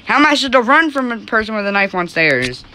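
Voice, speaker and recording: A woman chatting casually while playing an online game, talking along and breaking into excited cries. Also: a little high, fast, slight background noise. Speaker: gamer.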